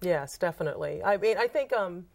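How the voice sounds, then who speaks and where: A woman's voice: on the low side, fairly quick, vocal fry. A woman from Trinidad, a photographer and author, telling anecdotes in an interview and acting out the quoted lines. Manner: animated storyteller, acts out quoted dialogue. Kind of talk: casual interview talk.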